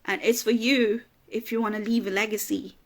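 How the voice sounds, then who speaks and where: A woman's voice: a little high, steady tone, normal speed. A woman business coach giving an emphatic motivational talk, repeating phrases for emphasis and getting emotional at times. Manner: gets emotional, laughs through tears.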